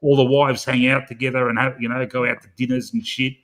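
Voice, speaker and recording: A man's voice: medium pitch, little pitch movement, fast, a bit bright, rough recording. A man in casual chat on a late-night call, talking bluntly and swearing freely.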